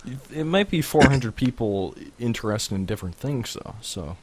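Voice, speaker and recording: A man's voice: mid-range voice, animated, moderate pace, darkish tone, slightly rough, dry recording. A man co-hosting a podcast in casual chat, teasing and joking with the others. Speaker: podcast co-host.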